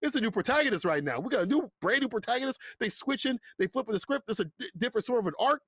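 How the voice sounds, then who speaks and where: A man casting a fighting-game tournament live, hyped and playful and quick to laugh. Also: very high-pitched, lively intonation, a bit bright, husky, no room sound, clean studio sound. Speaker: esports commentator.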